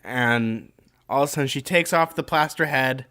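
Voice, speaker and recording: A man's voice: mid-range voice, normal speed, sharp tone. A young man co-hosting a podcast, retelling a story in a rambling, jokey casual chat. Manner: rambling, jokey, many fillers. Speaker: podcast co-host.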